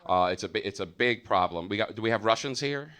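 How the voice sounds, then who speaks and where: A man with an American accent doing live stand-up, loud and profane, with a lot of filler uhs. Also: on the low side, animated, fast. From United States. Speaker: stand-up comedian. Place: comedy theater stage.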